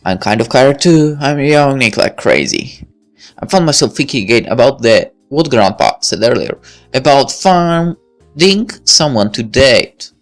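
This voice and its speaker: A woman voicing a thoughtful high school senior girl while reading a visual novel aloud, in a musing inner-monologue manner. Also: expressive, measured pace, soft background music.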